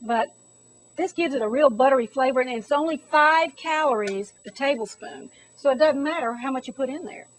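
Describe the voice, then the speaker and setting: A woman's voice: sits high, normal speed, low-quality recording. Bubbly woman hosting a cooking show. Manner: bubbly, chatty, theatrical exclamations. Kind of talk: home cooking demonstration.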